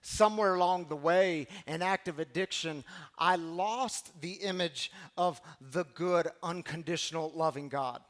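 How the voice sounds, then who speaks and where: A middle-aged man preaching a recovery sermon, animated storytelling that swings from loud to hushed. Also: a little high, a little slow. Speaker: pastor of a recovery community.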